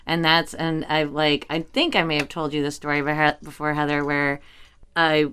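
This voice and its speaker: A woman's voice: low-pitched, moderate pace, slight background noise. A woman in her forties from Brooklyn, co-hosting a podcast, telling stories in casual chat and acting out the quotes. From Brooklyn, New York. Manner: animated storyteller, acts out quotes. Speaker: podcast co-host.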